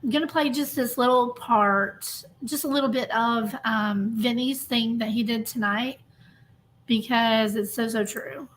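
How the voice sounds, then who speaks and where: Woman live streamer, chatty and worn out, slowish talk, bit of noise in the background. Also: on the high side, steady tone, fairly bright tone. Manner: chatty, greets viewers by name, hurried. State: emotionally drained. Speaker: true crime livestream host. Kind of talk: casual livestream chat.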